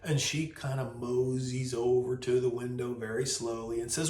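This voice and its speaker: A man hosting a weekly video, telling a story in a lively, casual way and acting out the voices. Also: mid-range voice, normal speed. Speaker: host. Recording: roomy echo.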